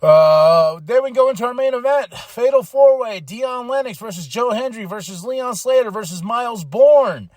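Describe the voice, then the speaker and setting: A man hosting a podcast, giving a casual, animated wrestling recap, chatty with lots of fillers and restarts, acting out quotes in exaggerated voices. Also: very high-pitched, normal speed, few pauses, dry recording, studio quality. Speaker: podcast host.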